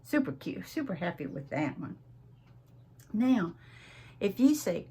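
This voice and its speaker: Slow-talking Southern woman crafter. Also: mid-range voice, very animated, mellow, breathy edge. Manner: chatty, drawn-out, laughs often. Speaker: crafting channel host. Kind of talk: casual crafting vlog chat. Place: home craft desk.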